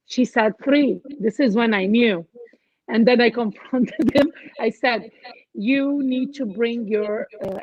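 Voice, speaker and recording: A woman telling a personal story in casual chat, animated, acting out what others said. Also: fairly high pitch, no echo, highs cut off. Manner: animated, quotes others in her stories. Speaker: guest co-host.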